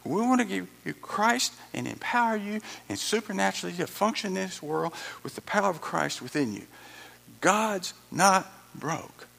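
A man's voice: sits high, lively intonation, normal speed, vocal fry, a bit bright. A male pastor, preaching a sermon emphatically, repeating lines and adding dramatic asides.

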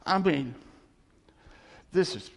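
A middle-aged man giving a personal testimony to a congregation, telling the story with lively animation and frequent chuckles. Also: a little high, slow pace, gravelly. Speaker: church speaker sharing testimony. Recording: long reverb of a large hall.

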